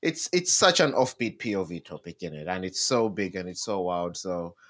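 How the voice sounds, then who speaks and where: A man hosts a casual podcast chat with a lively, wide-ranging voice. He often halts and repeats his words before moving on. Bursts of loud laughter break up his talk. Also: low voice, moderate pace. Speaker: podcast host.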